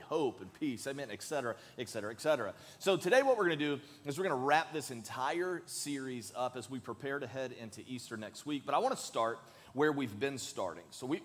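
A man preaching a sermon as pastor in a church, earnest and emphatic, leading the congregation in saying lines together. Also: mid-range voice. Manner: earnest, emphatic, leads the congregation in call-and-response. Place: large church sanctuary. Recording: long hall reverb.

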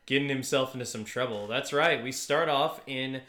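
A man's voice: medium pitch, normal speed, bright, forceful tone, roomy sound. A man co-hosting a podcast in a casual chat, rambling and restarting his sentences, often breaking into laughter. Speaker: podcast co-host.

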